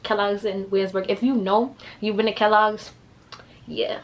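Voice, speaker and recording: A young woman telling a story to camera in a casual, profane, animated way. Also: mid-range voice, normal speed. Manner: animated, profane, acts out quotes in raised voices. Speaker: vlogger.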